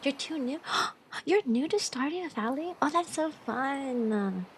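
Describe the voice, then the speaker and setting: A woman's voice: high voice, animated, slow, slight background noise, rough recording. A woman streamer chatting casually and bubbly with her live chat, greeting viewers and giggling often.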